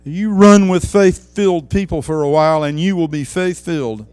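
A high-voiced man preaching with fiery passion. He swings from near-shouted praise down to low, hushed asides. Faint music plays softly beneath his voice. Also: moderate pace, clear, resonant tone, no room sound. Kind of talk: sermon.

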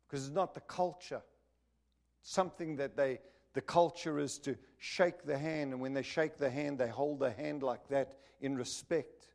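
A man's voice: medium pitch, moderate pace. Emphatic man preaching a sermon. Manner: emphatic preaching, rising loud on key words, dropping soft in prayer. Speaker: pastor.

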